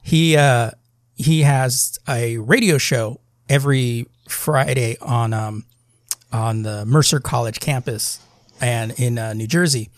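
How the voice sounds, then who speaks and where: A man's voice: medium pitch, slow, no echo, clean studio sound. A man co-hosting a podcast in a loose, easygoing casual chat with many fillers. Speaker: podcast co-host.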